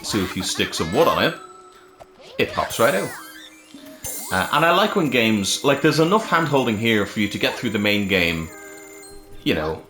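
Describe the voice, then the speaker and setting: A man's voice: on the low side, big pitch swings, normal speed, pauses often, sharp tone. A man reviewing a video game in casual commentary, rambling and thinking aloud as he plays. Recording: roomy with faint game music. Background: game music.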